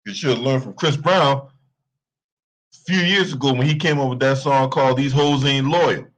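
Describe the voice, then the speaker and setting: A man's voice: mid-range voice, moderate pace, a bit bright. A man hosting a sports commentary channel, talking casually with profanity and mocking laughter.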